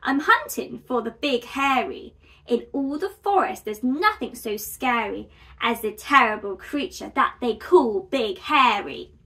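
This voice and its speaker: A small, bold bunny boy with a cheerful, plucky way of talking, as a woman reads him aloud in a children's storybook. The voice sits a little high and moves at an easy, slow pace. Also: animated, fairly bright tone. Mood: eager. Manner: eager and plucky.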